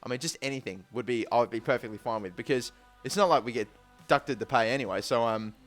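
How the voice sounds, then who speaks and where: A young man giving casual, rambling let's-play commentary on a football video game, getting excited during the action. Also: medium pitch, fast talker, soft background music. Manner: rambling, repeats "but still" and "to be completely honest"; gets excited calling match action. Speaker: gaming YouTuber.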